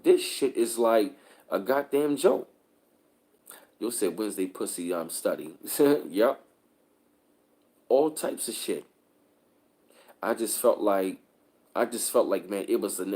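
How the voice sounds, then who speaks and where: A man hosting his channel, telling stories in a profane, animated, casual rant with lots of filler. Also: lowish voice. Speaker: channel host.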